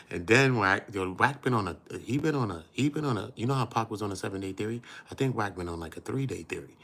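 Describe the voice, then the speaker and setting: Deep-voiced new dude, slangy and joking, commentary riff. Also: male voice, fairly bright tone. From New York. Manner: playful, slangy, breaks into laughter and acted asides. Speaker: commentary host. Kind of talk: animated street-slang commentary.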